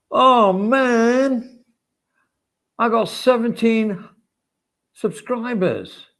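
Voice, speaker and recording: A man's voice: medium pitch, creaky, husky. A middle-aged man chatting casually on a livestream, rambling and poking fun at himself with plenty of asides. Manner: rambling and self-deprecating; chatty, with frequent fillers and asides.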